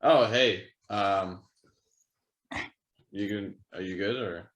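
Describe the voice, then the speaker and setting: Low-voiced, bright, rambling young man. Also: slow, dull audio. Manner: rambling, hesitant, lots of fillers. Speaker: podcast co-host. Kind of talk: casual chat.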